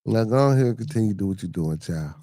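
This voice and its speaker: Talking fast and expressively, this man has a fairly low, dark voice with no echo. He's hosting a casual podcast live stream, relaxed as he reads chat messages and fires back at viewers in loose slang.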